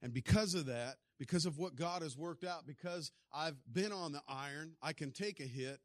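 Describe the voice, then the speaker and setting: A man preaching a sermon, telling stories and acting out the people in them, often swinging from quiet to loud. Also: fairly high pitch, normal speed, dry recording, studio quality. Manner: storytelling, acts out voices with big swings in loudness.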